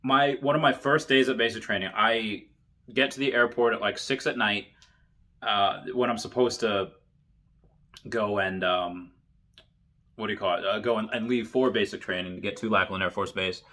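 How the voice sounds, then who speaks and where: A man's voice: on the low side, steady tone, normal speed, sharp tone. A man, a military veteran, casually reading funny stories and laughing often at them.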